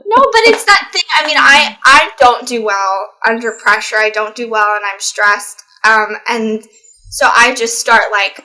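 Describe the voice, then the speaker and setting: Bright, animated young woman telling a story. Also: on the high side, measured pace. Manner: animated, acts out quoted exchanges. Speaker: guest. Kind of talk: casual storytelling.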